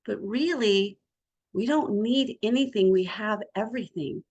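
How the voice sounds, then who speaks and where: A woman's voice: medium pitch, measured pace, darkish tone, breathy edge. A middle-aged woman in a casual spiritual group talk, sharing a personal story in an earnest, rambling way. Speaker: group discussion participant.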